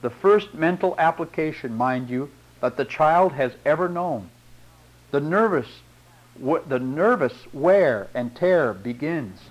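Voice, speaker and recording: A man's voice: fairly high pitch, animated, a little slow, poor audio. A middle-aged man preaching a sermon, reading long quotations aloud and commenting on them with rhetorical tag questions.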